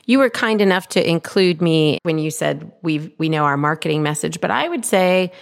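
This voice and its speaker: Thoughtful woman host with a gravelly voice. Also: low voice, animated, normal speed. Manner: thoughtful, asks long, searching questions. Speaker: podcast host. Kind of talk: podcast interview.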